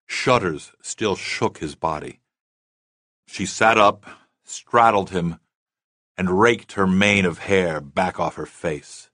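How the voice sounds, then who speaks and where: Deep, slow, husky male narrator. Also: bright, forceful tone, dry recording, clean studio sound. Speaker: audiobook narrator. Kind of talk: scripted narration.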